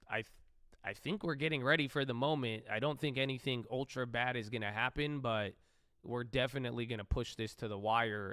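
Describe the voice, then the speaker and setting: A man's voice: on the low side, a bit bright, clean tone, dry recording, clean studio sound. A man hosting a live trading stream, rambling and joking with the odd swear. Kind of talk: casual chat while trading.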